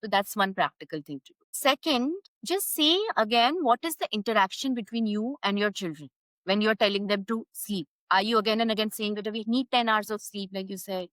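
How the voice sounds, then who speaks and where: A woman's voice: mid-range voice, fairly quick, fairly bright tone, no echo, rough recording. A woman, a parenting coach giving earnest, step-by-step advice as a podcast guest. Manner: firm, earnest, explains step by step.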